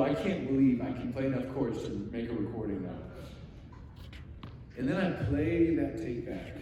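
A man's voice: medium pitch, moderate pace, slight background noise. A man preaching a sermon, telling stories animatedly and acting out the voices of the people in them. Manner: animated storytelling, acts out quoted voices. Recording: echoey hall from far off.

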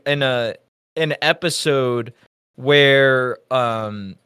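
A young man co-hosting a casual review chat, lively and acting out quotes in a raised voice. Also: on the high side, smooth, no echo, studio quality. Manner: animated, acts out quotes in raised voice. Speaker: podcast co-host.

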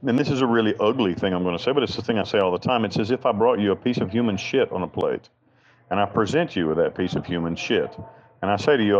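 A man's voice: on the low side, quick pace, highs cut off. A man from Western North Carolina, an interview guest telling stories in a rambling, blunt, profane and self-mocking way. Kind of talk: candid storytelling interview.

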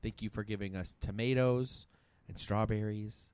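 A man's voice: on the low side, steady tone, normal speed, a little mellow, clean tone. A man hosting a casual podcast chat, rambling and joking with many restarts. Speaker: podcast host.

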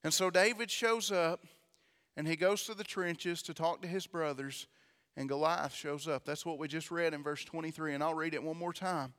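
High, bright-voiced preacher in a big hall. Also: male voice, fairly even intonation, normal speed, clear, resonant tone. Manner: reads scripture aloud, builds to fervent preaching. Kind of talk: sermon. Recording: long reverb of a large hall.

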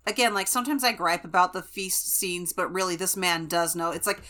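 A woman's voice: on the low side, fairly even intonation, brisk, sharp tone. A woman co-hosting a book podcast, chatting casually and enthusiastically with lots of "like" and restarts. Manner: rambling, filler-heavy, enthusiastic. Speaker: podcast co-host.

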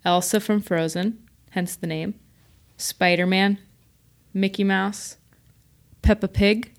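A woman's voice: mid-range voice, steady tone, vocal fry. Chatty woman podcast co-host. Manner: chatty, laughing, quick explaining. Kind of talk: casual podcast chat.

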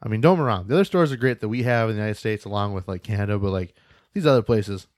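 A man's voice: fairly low pitch, racing, no room sound, studio quality. A man co-hosting a casual podcast, reading out news and events with loose, joking asides and casual swearing. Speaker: podcast co-host.

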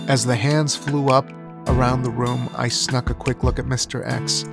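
A man's voice: mid-range voice, flat delivery, normal speed, vocal fry. An older man, a teacher, reading his own personal story aloud in an earnest, reflective way. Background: background music.

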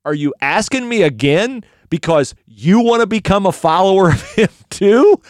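A man's voice: sits high, animated, normal speed, darkish tone, no room sound, studio quality, pitched above the performer's own voice. A man voicing a blunt, exasperated young man with a sassy, casual manner.

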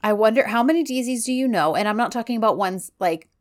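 A woman's voice: on the high side, animated, fast. A woman co-hosting a casual podcast, rambling through her thoughts with many "like"s and "um"s. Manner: rambling, full of "like" and "um". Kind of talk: casual chat recapping a TV drama.

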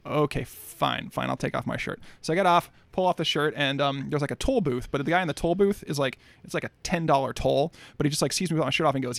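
A man on a podcast telling a rambling, absurd story in a casual, deadpan way. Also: fairly high pitch, fast talker, creaky, no echo. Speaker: podcast co-host.

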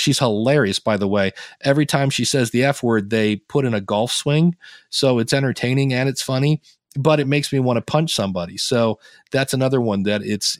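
A man's voice: mid-range voice, no room sound, clean studio sound. A man from Ohio, a podcast guest chatting casually and acting out the reactions he quotes. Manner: animated storyteller, acts out quoted reactions. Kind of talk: casual interview chat.

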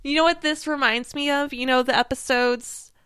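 A young woman co-hosting a podcast in casual chat, animated and laughing often. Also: high voice, normal speed, no echo, clean studio sound. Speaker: podcast co-host.

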